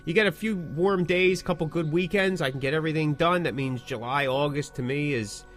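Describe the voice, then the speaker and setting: A man's voice: fairly high pitch, a little fast, fairly bright tone, soft background music. A man co-hosting a podcast, chatting casually and joking playfully about his own dramatic delivery. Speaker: podcast co-host. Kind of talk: casual chat.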